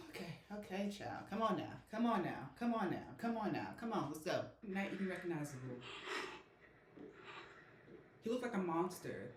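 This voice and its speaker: A young woman hosting a movie reaction channel, exclaiming loudly and cursing freely as she reacts. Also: mid-range voice, sing-song, moderate pace, a little hiss or hum. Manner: loud, exclaiming, heavy cursing. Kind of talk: emotional movie reaction commentary. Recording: roomy echoey room.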